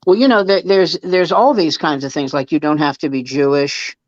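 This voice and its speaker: A man's voice: fairly high pitch, fairly even intonation, normal speed, no echo. A man, a comedian guest, telling anecdotes in casual chat and acting out the quoted dialogue, with many restarts. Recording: dull dry lo-fi sound.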